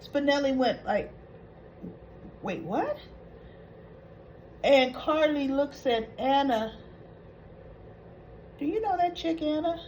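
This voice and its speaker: A woman's voice: high voice, measured pace, pauses often, darkish tone, highs cut off, slight background noise. A woman hosting a soap opera recap, retelling scenes in a chatty, opinionated way.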